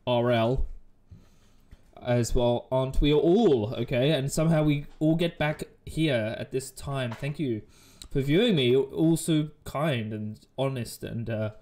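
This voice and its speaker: A man's voice: medium pitch, unhurried, darkish tone. A man chatting casually on a live stream, joking and rambling while he eats at his desk mic. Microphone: desk microphone.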